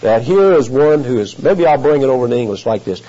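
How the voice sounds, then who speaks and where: Muffled earnest male preacher, lively delivery. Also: mid-range voice. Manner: earnest, emphatic, drawn-out phrasing. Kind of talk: expository sermon. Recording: muffled lo-fi recording.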